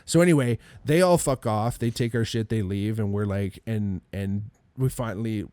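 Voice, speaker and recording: A man telling a story in casual chat, animated, acting out quotes, swearing and laughing often. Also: lowish voice, normal speed, smooth, no room sound. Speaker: podcast guest.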